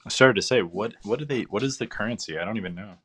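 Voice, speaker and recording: A man's voice: lowish voice, quick pace, husky. A man co-hosting a live painting stream, easygoing and joking, sounding tired. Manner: easygoing, joking, relaxed drawl. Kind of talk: casual live-stream chat.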